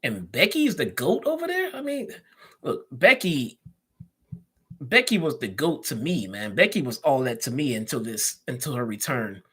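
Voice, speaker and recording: Male live-stream host, Chicago accent, casual chatter, average pitch. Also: big pitch swings, moderate pace, pushed and bright, husky. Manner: chatty, reads out viewer comments and answers them.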